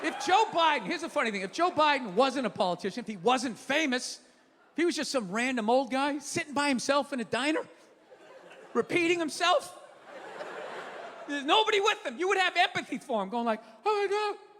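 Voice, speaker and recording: Shouty stand-up guy cursing a lot, high voice, big hall with the crowd roaring behind him. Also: expressive, fairly quick. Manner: ranting, profane, swings from mumbled asides to shouting. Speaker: stand-up comedian. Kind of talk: stand-up comedy set. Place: theater stage before a live audience. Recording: live hall with crowd noise. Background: crowd laughing and applauding.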